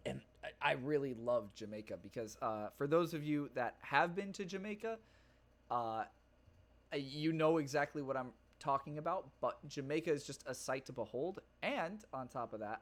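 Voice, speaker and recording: A young man hosting his own podcast, chatting casually and rambling, swearing freely with plenty of fillers and restarts. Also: medium pitch. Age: young adult. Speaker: podcast host. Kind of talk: casual solo podcast chat.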